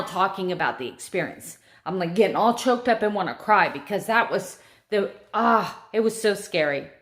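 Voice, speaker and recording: A middle-aged American woman vlogger chatting casually to camera in an emotional, confiding way. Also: on the low side. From United States.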